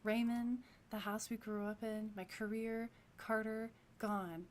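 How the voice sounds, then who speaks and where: A woman's voice: a little high, steady tone, a little slow, a little hiss or hum, close to an everyday voice. A woman voicing a bitter, swearing young ex-cop. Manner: swearing, angry and ranting. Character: bitter grieving young male ex-cop, volatile.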